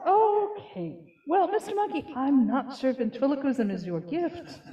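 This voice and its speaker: A cheerful woman leads children's time in a church, playing along patiently with a puppet. Her voice sits high and moves in wide, lively swings. She is picked up from a little way off the mic. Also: unhurried, reverberant, recorded from a distance, highs cut off. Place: church sanctuary.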